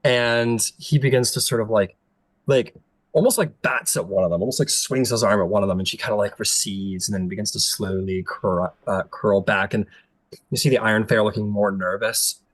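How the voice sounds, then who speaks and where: A man's voice: fairly low pitch, moderate pace, dry recording, low-quality recording. Casual filler-heavy game master man. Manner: loose, filler-heavy narration. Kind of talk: narrating a tabletop game.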